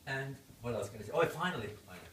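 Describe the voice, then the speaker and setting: Speaking very fast and expressively at a medium pitch, this Irishman in his fifties is a doctor delivering an anecdote-filled birthday speech. He laughs as he lands each punchline. The indoor party room captured here is noisy, echoey and distant.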